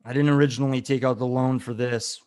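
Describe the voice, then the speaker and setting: A man's voice: mid-range voice, steady tone, fast talker, a little mellow, clean tone, close to an everyday voice. A man playing a boastful, lovesick captain who runs a casino on a cruise ship, talking brashly and calling people brother. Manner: brash, calls people brother, swings into mopey sulking. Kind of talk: improvised comedy character.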